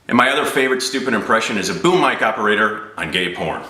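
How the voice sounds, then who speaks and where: A man doing a stand-up audition, telling stories in a deadpan manner. His voice sits low but moves a lot in pitch, with a very bright, tense tone. The recording has a roomy echo. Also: quick pace, hardly any pauses. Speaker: improv comedian.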